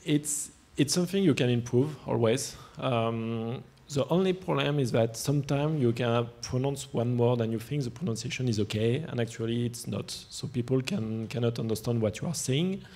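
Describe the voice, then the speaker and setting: A man's voice: medium pitch, normal speed, hardly any pauses, warm tone. A man with a strong French accent, a startup CEO on a panel, speaking earnestly and repeating his points. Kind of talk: panel discussion answer.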